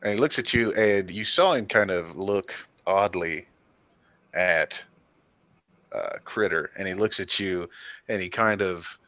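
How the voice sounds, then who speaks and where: A man's voice: low-pitched, a little slow, pushed and bright, no echo. A man narrating a tabletop game as game master, in a loose, hedging way.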